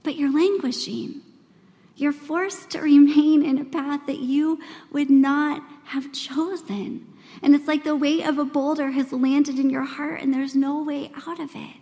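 A high-pitched woman in her forties preaches to a roomful of women at a church gathering, earnest and conversational, her tone steady, mellow and a little slow. She voices quoted speakers with wide pitch swings, and a large church hall's long reverb carries her words.

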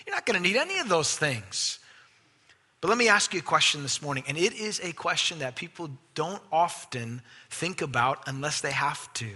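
A man preaching a sermon as pastor, emphatic, swinging from loud stresses to hushed asides. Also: a little high, very animated, normal speed, husky. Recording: long hall reverb.

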